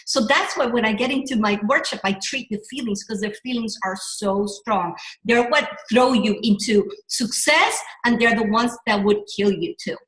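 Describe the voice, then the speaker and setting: Animated woman coach in an echoey room. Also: fairly high pitch, normal speed. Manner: animated, rambling, with restarts and self-corrections. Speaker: business coach. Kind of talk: motivational workshop talk.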